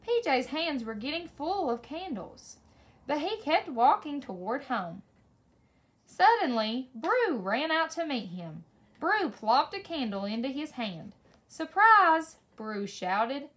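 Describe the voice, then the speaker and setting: A woman reads a children's story aloud slowly and expressively, her pitch lively throughout.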